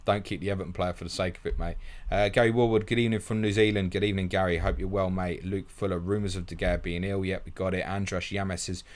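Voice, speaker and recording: A man's voice: low-pitched, flat delivery, fast talker, few pauses. A man hosting a live fantasy football stream, bluntly answering viewer questions one after another and calling everyone mate. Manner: blunt, matey, rattles through questions, calls everyone mate.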